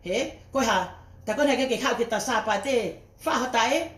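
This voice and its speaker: A woman's voice: on the high side, lively intonation, fairly quick. A woman ranting on a casual livestream, swearing heatedly and breaking off to greet viewers by name. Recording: roomy echo.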